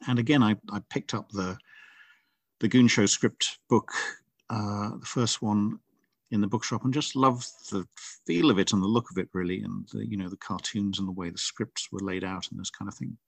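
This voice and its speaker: A middle-aged author talking in a relaxed interview, thoughtful and rambling with frequent restarts. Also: male voice, lowish voice, moderate pace, vocal fry, dry recording. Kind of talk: casual interview chat.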